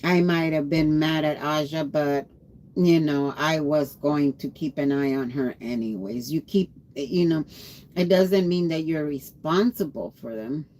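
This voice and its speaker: Tired woman livestreamer, low voice, slow rambling chat with viewers. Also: a little mellow. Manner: rambling, greets chatters by name. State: tired after a long day.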